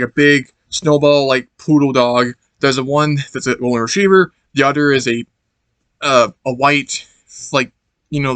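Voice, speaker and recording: A man's voice: mid-range voice, a bit bright, no echo. Rambling man reviewing a movie. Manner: rambling, searching for words, laughing often. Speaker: channel host reviewing a movie.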